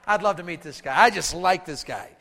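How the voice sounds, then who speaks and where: A man preaching a sermon to a congregation. He drops to hushed asides, shouts out acted battle cries, and keeps asking the crowd to answer him. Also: sits high, fairly quick, in a large hall. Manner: calls out to the congregation for responses.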